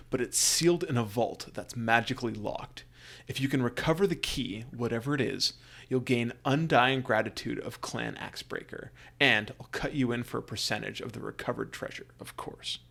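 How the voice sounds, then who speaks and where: A secretive, businesslike middle-aged dwarf noble, read by a man running a tabletop game leans in with an earnest, hushed offer. His voice has a gravelly, creaky texture, sitting at an ordinary middle pitch. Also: moderate pace.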